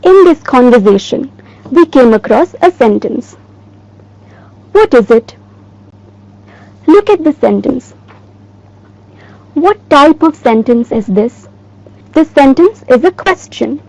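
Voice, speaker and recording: Lady teacher, slow clear lesson, repeats stuff for kids. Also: high-pitched, animated, darkish tone, no room sound, rough recording. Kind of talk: recorded classroom lesson.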